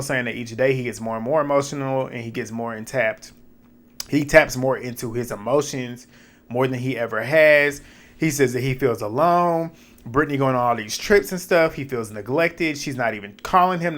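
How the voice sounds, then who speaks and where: A man talks through a reality show episode in casual recap style. His pitch sits mid-range, and he is animated and opinionated, laughing often and jumping into high mocking quotes. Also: a little fast.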